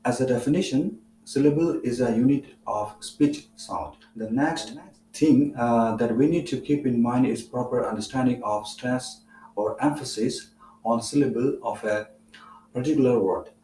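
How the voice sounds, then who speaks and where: Indian guy teaching english, slow and explainy with lots of uhs, echoey room, faint hum in the back. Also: mid-range voice, dark tone, distant mic. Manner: measured, explanatory with frequent "uh" fillers. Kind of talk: spoken English lesson.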